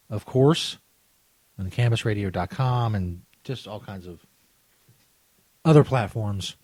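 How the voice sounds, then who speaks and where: A man's voice: medium pitch, darkish tone, dry recording. A male radio host with a crude, irritable and mock-outraged way of talking, on a comedy show. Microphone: studio microphone. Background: faint music.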